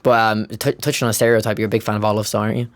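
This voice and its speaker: A young man with a Dublin Irish accent hosting a casual podcast chat and telling stories in an animated way, swearing casually. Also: lowish voice, rapid-fire, no echo. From Ireland. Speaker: podcast host.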